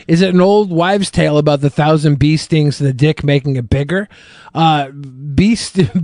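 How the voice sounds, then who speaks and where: A man's voice: fairly high pitch, a little mellow, no echo, clean studio sound. Swearing, exasperated podcast man. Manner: profane and exasperated. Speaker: podcast host. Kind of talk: live podcast chat reading viewer questions.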